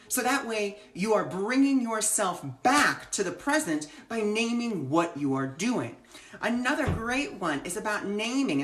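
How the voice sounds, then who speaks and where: A woman's voice: medium pitch, reverberant. A woman who gives readings, speaking earnestly in a live-streamed spiritual talk with flowing, repeated phrases. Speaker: spiritual teacher and reader.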